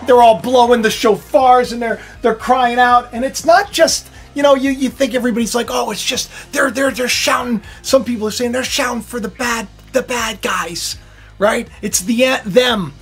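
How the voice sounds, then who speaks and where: A man hosts a spiritual vlog and talks straight to his viewers in a loose, rambling monologue. He stumbles through fillers and restarts, dropping to low murmurs and then jumping up into sudden loud bursts. Soft music plays faintly behind him. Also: normal speed, breathy edge. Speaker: spiritual video host.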